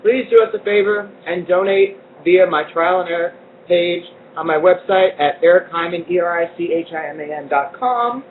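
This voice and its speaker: Playful high-voiced man hosting a cooking stream. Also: normal speed. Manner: playful, jokey, laughs often. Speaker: cooking show host. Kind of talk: casual live cooking chat. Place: indoor community kitchen. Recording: lo-fi phone-like livestream audio with faint rumble.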